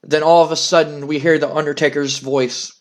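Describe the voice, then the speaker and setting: With a slightly high, level voice and a brisk pace, the narrator delivers dramatic play-by-play of a wrestling simulation game, hyping announcements as he tells its story.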